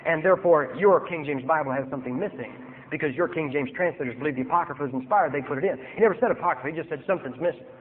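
A male preacher telling a story in a sermon, acting out both sides and getting loud and heated. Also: on the high side, very fast, hardly any pauses, big-room sound, phone-quality sound, a little hiss or hum.

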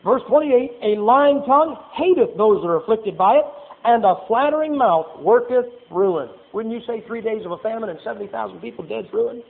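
A man preaches a homespun sermon, reading verses aloud and slipping into playful asides. His voice sits high for a man. The recording is narrow and tinny, like a phone line. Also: animated, brisk, creaky. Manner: folksy preaching with Bible readings and acted asides.

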